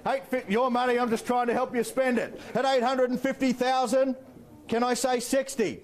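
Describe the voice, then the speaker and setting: An Australian man working as an auctioneer, calling bids in a rapid rhythmic patter with playful banter to the bidders. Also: very high voice, level tone. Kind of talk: live property auction calling.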